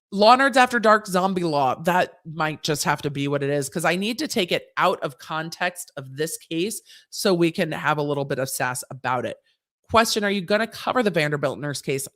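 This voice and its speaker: On a legal commentary livestream, a woman with a low, slightly bright voice answers viewer questions in a chatty, conversational way. She's breezy and sassy, restarting often and tossing slangy asides into the legal talk.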